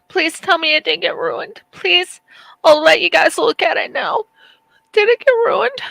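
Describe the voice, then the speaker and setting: High-pitched tearful woman on a live stream. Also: lively intonation, takes it slowly, vocal fry, fairly bright tone, no echo, low-quality recording. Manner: emotional, apologetic, perfectionist. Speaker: craft channel host. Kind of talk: casual live-stream chat while crafting.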